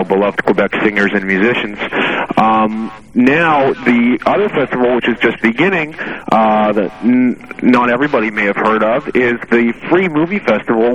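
A man's voice: lowish voice, a bit bright. A male radio contributor chatting casually and rambling, full of "uh" and "you know" fillers. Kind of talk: casual chat. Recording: dull lo-fi radio audio.

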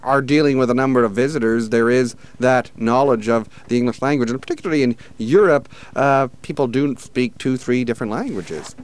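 A man hosting a radio interview, asking questions in a measured, polite way with some hesitant fillers. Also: mid-range voice, smooth. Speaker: radio host.

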